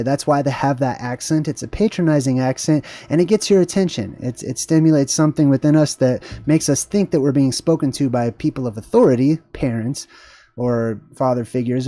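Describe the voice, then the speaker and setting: Rambling, enthusiastic man with a dry, mellow voice. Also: medium pitch, no echo. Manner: rambling and enthusiastic, many fillers and restarts. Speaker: host. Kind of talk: casual livestream commentary.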